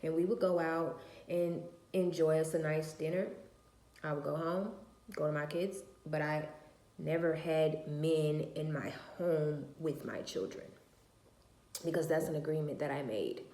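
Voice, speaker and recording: A woman with a low voice tells a personal story to the camera in a casual vlog. She is blunt and emphatic, drops into slang and swearing, and acts out what others said. Her voice rings in an echoey room. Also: measured pace, mellow. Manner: acts out other people's lines in a higher voice. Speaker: vlogger telling a personal story.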